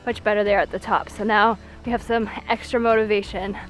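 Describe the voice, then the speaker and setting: A woman's voice: mid-range voice, fairly even intonation, brisk, soft background music. A woman travel vlogger chatting casually while hiking an outdoor trail, laughing often. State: out of breath from hiking.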